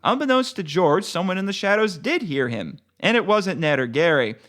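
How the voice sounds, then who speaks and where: Man, author, expressive reading, animated pitch, casual guest chat. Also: normal speed. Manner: expressive reading, relaxed when chatting. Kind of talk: reading his novel aloud, then casual chat.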